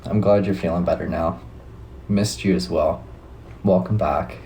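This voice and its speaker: Low-voiced Canadian man chatting on stream. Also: fairly even intonation, unhurried, dark tone, a little hiss or hum, poor audio. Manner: laid-back, swears casually, chats with viewers. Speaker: livestream host. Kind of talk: casual live-stream chat with viewers.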